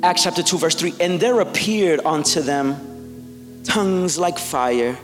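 A high-pitched male pastor delivers a sermon in a church, his voice carrying a long hall reverb over soft background music. He tells the story in an easy, conversational way, acting out quotes, then climbs into loud, shouted emphasis. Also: expressive, measured pace. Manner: preaching with rising shouts and acted-out quotes. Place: church sanctuary.

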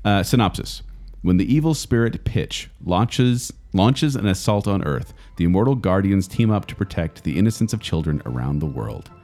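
A man co-hosting a casual movie review chat, animated and chatty, often laughing. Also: sits low, normal speed. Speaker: co-host.

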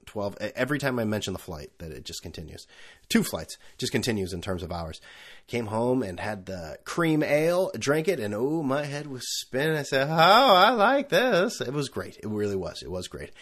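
A man hosting his own podcast, talking alone in a rambling, profane and sarcastic way. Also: lowish voice. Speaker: podcast host. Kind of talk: casual solo chat.

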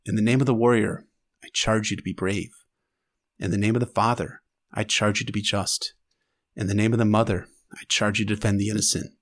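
A man's voice: lowish voice, level tone, voice pushed down. A man reciting as a solemn knight dubbing a warrior. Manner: slow, grave, ceremonial recitation.

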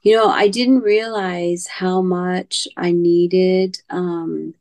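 Woman, podcast guest, gravelly, halting personal storytelling, repeats herself, soft trailing endings. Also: lowish voice, fairly even intonation. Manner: halting, repeats words, trails into near-whispers.

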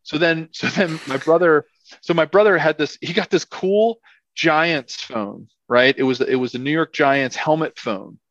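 A man's voice: fairly high pitch, unhurried, fairly bright tone, no echo. A middle-aged man from the area, a former football player telling a casual, rambling story full of "like" and "you know". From Philadelphia area. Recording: slightly dull, dry sound.

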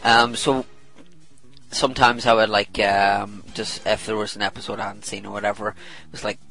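A man's voice: on the low side, flat delivery, moderate pace, sharp tone, soft background music, low-quality recording. A man, chatting casually as a podcast co-host, rambling and joking. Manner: rambling, jokey, slips into silly put-on voices. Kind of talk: casual chat.

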